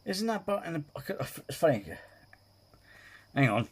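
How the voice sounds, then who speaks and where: A man's voice: a little high, very animated, moderate pace, slight background noise. A man hosting a reaction video, chatting casually with crude, self-mocking humour and frequent laughs.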